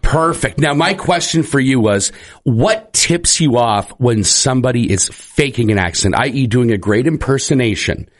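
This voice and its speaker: A man hosting a morning radio show in a studio, joking and chatting in quick bursts. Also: medium pitch, lively intonation. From Prince Edward Island, Canada. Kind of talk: casual radio chat. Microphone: studio microphone.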